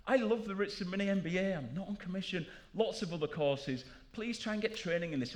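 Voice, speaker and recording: A man giving a jokey, animated conference talk to a live audience in a large room. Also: fairly high pitch. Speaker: conference speaker.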